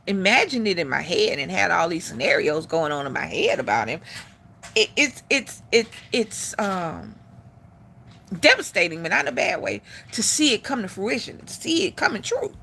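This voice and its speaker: A woman's voice: mid-range voice, creaky, pushed and bright, a little hiss or hum. A middle-aged woman hosting a live stream, giving blunt, profane opinions in casual talk.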